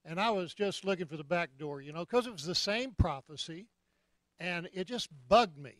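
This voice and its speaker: A man in his seventies preaching a sermon, jovial and joking, breaking into loud shouts of praise. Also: sits high, lively intonation, moderate pace, no room sound. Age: 70s. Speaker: guest preacher.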